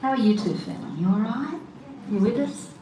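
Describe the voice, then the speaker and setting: A woman's voice: medium pitch, lively intonation, moderate pace, dark tone. A woman, a wedding celebrant speaking to the guests in a chatty, upbeat way. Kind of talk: officiating a wedding ceremony. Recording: echoey, distant, noisy.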